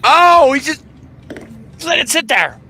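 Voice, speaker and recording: Excitable high-voiced co-host, wildly swinging. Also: male voice, a little slow, slight background noise. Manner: excitable, loud reactions, swears. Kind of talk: casual livestream chat.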